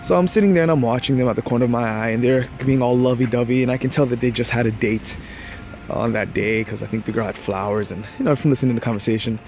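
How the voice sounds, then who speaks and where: A fast-talking vlogger with a mid-range, darkish voice tells a casual anecdote against faint street traffic. His rambling delivery keeps restarting, and he laughs at his own story.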